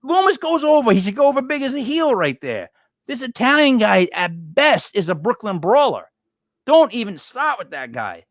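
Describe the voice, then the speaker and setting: Man, high voice, very expressive, ranting, dry mic. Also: normal speed, no echo. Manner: animated, ranting, opinionated. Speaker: wrestling podcast co-host. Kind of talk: casual live-stream chat.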